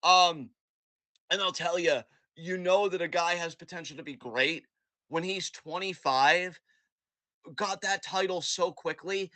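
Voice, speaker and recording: A man co-hosts a podcast in loose, casual chat, his somewhat high voice bright and forward. He talks in an animated, profane way and keeps slipping into little acted-out dialogues. The sound is dry and close. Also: no room sound. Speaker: wrestling podcast co-host.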